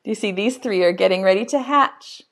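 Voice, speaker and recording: Teaching preschool online, a woman with a medium-pitched voice reads a picture book to young children. She goes slowly in a singsong storytime style, adding animated exclamations.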